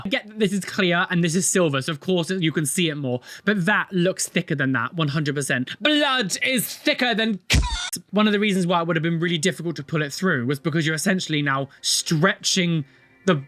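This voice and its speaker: A man doing reaction commentary as a vlogger, animated and dramatic, with gasps and blunt, scolding remarks. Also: fairly high pitch, a little fast, no echo.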